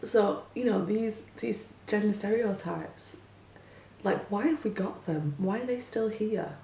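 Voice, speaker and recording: A woman's voice: medium pitch, measured pace, vocal fry, dark tone. A young woman, a teacher, talking casually and full of rhetorical questions, with many filler words. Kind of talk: casual opinion monologue. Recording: distant mic in an echoey room with faint hum.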